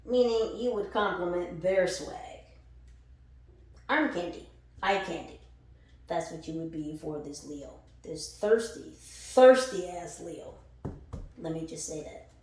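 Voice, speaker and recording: In a very echoey room, a woman gives a casual tarot reading, playful and blunt, laughing, swearing, and now and then singing a line. She speaks unhurriedly in a fairly low voice.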